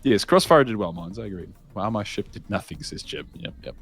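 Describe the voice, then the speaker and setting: A man casting a tournament match live in casual commentary, excitable, laughing often and reading chat aloud. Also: fairly low pitch, a little fast. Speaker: esports caster.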